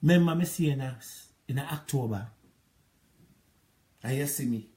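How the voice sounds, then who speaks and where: A man's voice: medium pitch, normal speed, a little mellow. A man with a Jamaican accent, ranting at an ex-partner in a rambling, repetitive, scolding monologue. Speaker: relationship advice vlogger.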